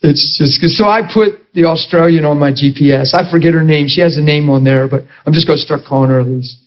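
A middle-aged pastor with a voice that sits high for a man preaches a little fast in a chatty, animated style, blending humorous stories with rhetorical questions for his listeners. The recording is dull and lo-fi.

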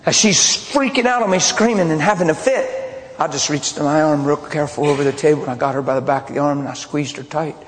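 A man preaching a sermon as a pastor, telling stories in a blunt, animated way. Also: on the high side, fast talker, few pauses, slight background noise. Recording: long hall reverb, faint ambience.

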